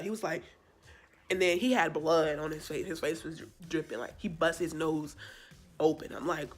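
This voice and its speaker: A young woman tells a storytime in a bright, forceful voice, animated and sassy as she talks straight to her viewers. Faint music plays underneath. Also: low-pitched. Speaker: vlogger. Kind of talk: casual storytime.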